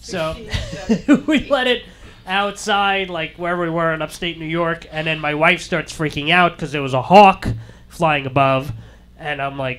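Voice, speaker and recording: A man performs a stand-up comedy set in a high, ringing voice. He tells his stories deadpan and acts out each character he quotes. His tone stays bright and forward throughout. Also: normal speed.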